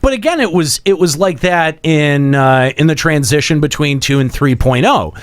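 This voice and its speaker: A male podcast host with a high voice that swings up and down a lot as he talks. He is emphatic, restarts his sentences often and swears casually. The sound is close and dry, with no room around it. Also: moderate pace, dry recording. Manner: animated, emphatic, swears freely, many restarts. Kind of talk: casual gaming podcast chat.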